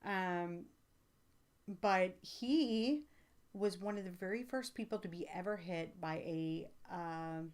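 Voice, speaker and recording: In a lowish voice, an American woman who works as a psychic reader chats casually with viewers on her livestream, replying to their comments. She rambles, uses many fillers, and becomes emphatic when excited.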